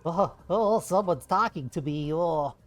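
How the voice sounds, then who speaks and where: Male art streamer, slightly higher voice, playful and jokey, casual live chat over faint music. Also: expressive, measured pace. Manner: playful, jokey, chatty with viewers.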